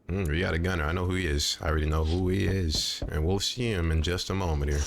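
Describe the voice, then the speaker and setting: Low-voiced gamer reading and joking. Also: male voice, fairly even intonation, fast, creaky, few pauses, a little hiss or hum. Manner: casual, mumbling, stumbles while reading. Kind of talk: let's play commentary, reading game text aloud.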